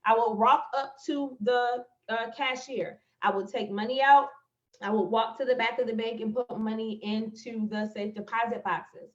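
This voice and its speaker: A woman's voice: on the high side, steady tone, normal speed. A woman on a live stream, speaking emotionally and telling a personal story directly to her viewers as a motivational speaker. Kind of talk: livestream talk on manifestation. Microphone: phone or webcam live stream. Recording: echoey, slightly dull live-stream audio.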